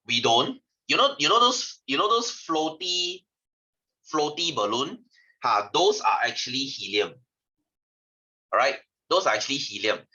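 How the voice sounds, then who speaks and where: A science tutor with a Singaporean English accent teaches an online class over a video call, his mid-range voice sing-song, a little slow and sharp in tone. He's chatty and teases his students, often ending sentences with "lah", and the call audio is dull and lo-fi.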